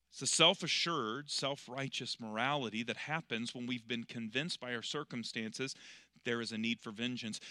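A man preaching a sermon, swinging between loud, emphatic passages and quiet, drawn-out storytelling, slowing on key words. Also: medium pitch, no room sound, clean studio sound. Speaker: pastor.

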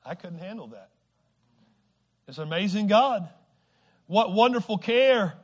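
A man preaching a sermon to a congregation, shifting from quiet, slow stretches to loud exhortation and stumbling over repeated words. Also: high-pitched, expressive, highs cut off. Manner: swings from hushed to shouting exhortation, repeats words; acts out quoted people with sudden shifts.

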